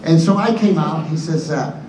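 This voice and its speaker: An older man spins a chatty, wandering story for a convention crowd, stopping and restarting as he goes. His voice is mellow and relaxed. It sounds roomy and a bit distant, with a faint hum underneath. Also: a little high, normal speed. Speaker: convention panel guest. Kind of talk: storytelling on a fan convention panel. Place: large convention hall.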